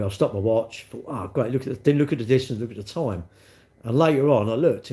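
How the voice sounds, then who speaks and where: A middle-aged man hosts a phone livestream, rambling through casual chat and cheekily bantering with viewers as he answers their live comments. He has a mid-range, dark voice.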